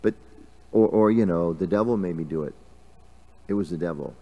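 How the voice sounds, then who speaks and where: A man's voice: low voice, normal speed, lo-fi sound. A man giving a casual scripture class in a temple, talking conversationally with lots of fillers and questions to the audience. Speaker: class speaker. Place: temple hall.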